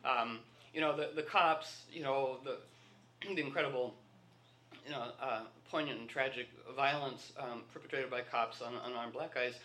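A man's voice: mid-range voice, steady tone, normal speed, bright, forceful tone. A man giving a rambling, playful talk to a live group, often slipping into quoted voices.

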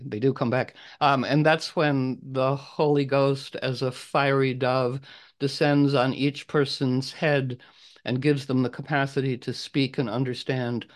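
Speaking at a medium pitch, a man hosts an online group call. His talk is casual, rambling and playful, with little voices acted out in his stories.

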